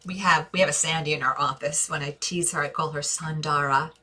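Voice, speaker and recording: Bright-voiced New York woman. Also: low-pitched, steady tone, fast talker, breathy edge. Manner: chatty and effusive, calls viewers babe and divas, thinks aloud with restarts. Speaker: interior design host answering viewer questions. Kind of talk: casual live-stream Q&A.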